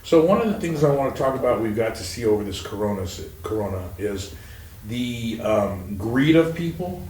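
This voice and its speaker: A man's voice: lowish voice, expressive, normal speed, darkish tone. Rambling man chatting on a roomy podcast. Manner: rambling, swears freely. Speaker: podcast host. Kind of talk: casual podcast chat. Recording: roomy echo, mic at a distance, faint noise.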